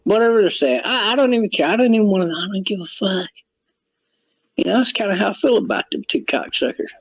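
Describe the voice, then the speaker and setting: A man's voice: high-pitched, expressive, fast, gravelly, no room sound. A man on a livestream clip, ranting crudely and repeating himself. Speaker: streamer in played clip. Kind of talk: profane livestream rant. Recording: dull lo-fi clip audio.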